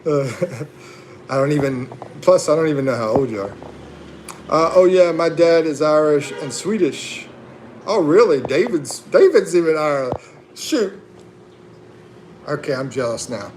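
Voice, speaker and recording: A man's voice: fairly high pitch, expressive, a little slow, pauses often, darkish tone, slight background noise. A man hosting a casual livestream, reading viewer comments aloud and chatting back with laughs and fillers. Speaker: livestream host.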